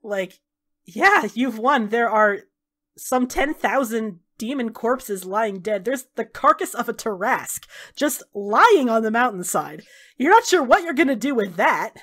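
A woman runs a tabletop game, narrating the scene in a casual, filler-heavy way. Her voice sits a little high. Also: animated, unhurried, fairly bright tone. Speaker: game master.

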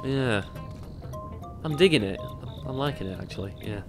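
A man's voice: mid-range voice, animated, music in the background. A man casually commenting on his video game playthrough, rambling and poking fun at himself. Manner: rambling, self-mocking, quick to laugh. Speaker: let's play host.

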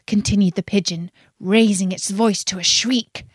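A woman reading a children's storybook aloud in an expressive way. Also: medium pitch, husky. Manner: slow, expressive, lilting reading.

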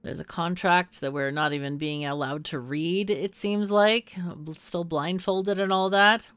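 A woman's voice: lowish voice, steady tone, measured pace, fairly bright tone, clear, resonant tone, no room sound. A woman hosting a let's play, chatting and thinking aloud while she plays, with frequent laughs. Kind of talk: gameplay commentary.

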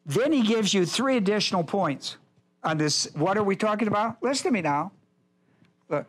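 Male pastor, higher-pitched voice, emphatic Bible-class teacher who repeats his points. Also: lively intonation, moderate pace.

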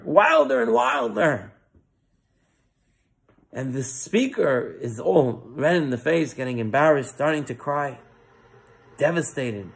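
A man's voice: a little high, vocal fry, fairly bright tone. A man, a rabbi, telling a moral story in a sermon, earnest and sprinkled with Hebrew terms.

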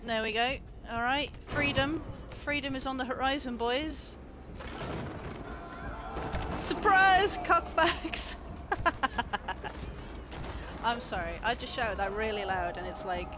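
A woman streaming a game late at night from home, excitable, giggly and sweary as she commentates. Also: a little high, normal speed, background noise. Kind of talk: live gameplay commentary.

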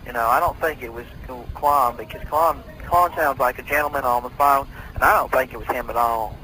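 A man's voice: mid-range voice, fairly quick, bright, forceful tone, low-quality recording. A man playing a bumbling police officer on a prank call, trying to sort out a dispute. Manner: bumbling, mediating.

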